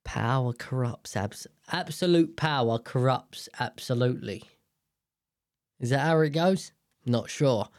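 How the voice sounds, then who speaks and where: A young man rambles through a solo chat, swearing freely and cutting himself off mid-thought. He takes his time, talking in a slow and unhurried way. His voice sits at an ordinary middle pitch. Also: a little mellow, no room sound, studio quality. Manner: rambling, swears a lot, self-interrupting. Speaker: solo podcaster. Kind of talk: casual monologue.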